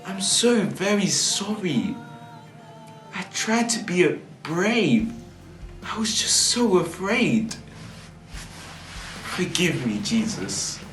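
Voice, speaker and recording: Casting: a man as a guilt-ridden disciple, slow, swinging pitch, echoey room, faint music. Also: very animated, fairly bright tone, recorded from a distance, full character voice. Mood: remorseful. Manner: slow, emotional, cries out in denials. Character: Peter, a remorseful frightened disciple. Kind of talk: amateur stage monologue.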